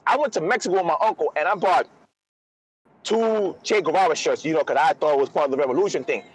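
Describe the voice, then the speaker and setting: A man's voice: a little high, fast talker, slightly rough, low-quality recording. A man co-hosting a casual podcast, telling stories in a blunt, profane, emphatic way. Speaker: podcast co-host. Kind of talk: casual heated chat.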